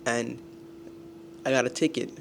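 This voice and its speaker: A man's voice: medium pitch, steady tone, unhurried, vocal fry, a bit bright, slight background noise. A young man talking casually in his vlog about school, exasperated and self-deprecating. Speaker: student vlogger.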